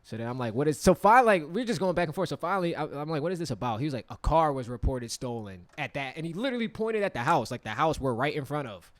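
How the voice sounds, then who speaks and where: A man's voice: fairly high pitch, quick pace, hardly any pauses, no echo. A young man in his twenties, a podcast co-host, telling a story in casual, profane talk and acting out what people said. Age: 20s. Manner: animated, profane, acts out quotes.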